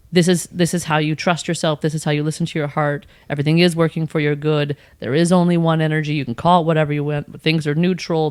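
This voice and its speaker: A woman with a slightly low voice talks casually as a podcast guest. She jumps into playful voiced asides and laughs often. The sound is dry and close. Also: clean tone, no room sound. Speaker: guest, spiritual coach and channel.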